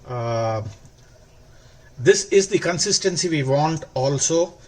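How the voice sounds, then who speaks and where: A man hosting a cooking demonstration, explaining each step calmly and stretching words for emphasis. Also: a little high, slow pace. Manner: calm, step-by-step instructional. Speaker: cooking channel host.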